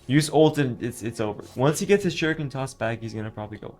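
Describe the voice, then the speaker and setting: A man's voice: mid-range voice, darkish tone, soft background music. A man giving casual, chatty color commentary on a live esports match. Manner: fast, casual, chatty analysis.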